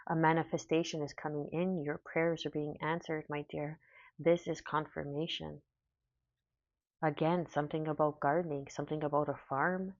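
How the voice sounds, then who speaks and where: A woman delivers a spiritual tarot reading with gentle, heartfelt reassurance. Her voice sits low, with a gravelly fry underneath. The sound is dry and slightly dull, with a lo-fi quality. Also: no echo. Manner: soft, slow, emotional and affirming. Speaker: tarot reader.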